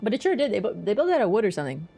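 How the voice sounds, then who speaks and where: A young woman chatting casually on a game livestream, quick and self-mocking, laughing often. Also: medium pitch, very animated, creaky, warm tone, breathy edge. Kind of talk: casual game-stream chat.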